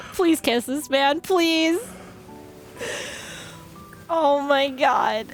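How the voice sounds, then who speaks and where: A young woman streaming a game, excitable and giggly, gushing as she reads the dialogue aloud. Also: high voice, drawn-out words. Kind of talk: gaming livestream commentary. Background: game music.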